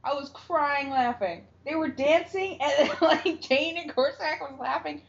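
A woman co-hosting a podcast casually recaps a TV episode, acting out characters' lines and laughing often. Her high voice has vocal fry and moves a little slowly, captured in a dull, lo-fi recording.

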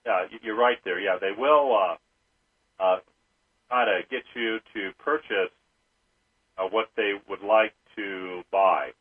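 A man hosting a call-in radio show, talking slowly and hesitantly with many fillers. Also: fairly low pitch, husky. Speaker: radio talk show host. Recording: phone-like narrow band.

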